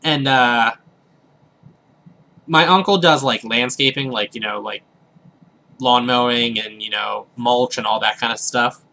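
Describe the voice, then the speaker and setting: Chatty young man with a bright voice. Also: medium pitch, measured pace, long pauses. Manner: rambling, filler-heavy, chatty. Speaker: let's play host. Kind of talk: casual gameplay commentary storytelling.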